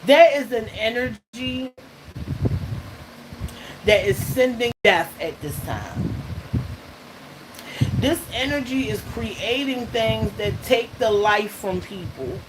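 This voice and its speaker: Slow-talking woman tarot reader, noisy recording. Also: fairly high pitch. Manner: emphatic, keeps checking in with "okay?" and "all right?"; laughs between lines, loose and conversational. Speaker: tarot reader hosting her channel. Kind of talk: casual spoken tarot reading to viewers. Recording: noisy recording with steady background noise.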